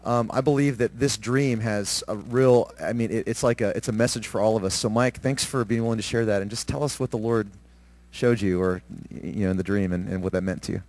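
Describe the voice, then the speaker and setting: A pastor introducing a church member's testimony, earnest and slightly halting. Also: male voice, on the low side, darkish tone. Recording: music faintly behind.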